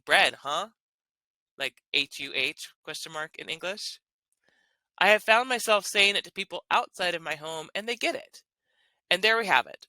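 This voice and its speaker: A woman's voice: on the low side, sharp tone, no room sound. A woman teaching a language lesson, explaining grammar in an upbeat, enthusiastic way. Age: adult with children.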